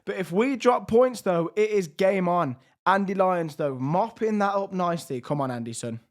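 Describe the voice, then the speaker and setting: Young male game commentator, slightly high voice, strained, swings hushed to excited. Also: normal speed. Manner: lively, shifts between hushed and excited. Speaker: gaming YouTuber.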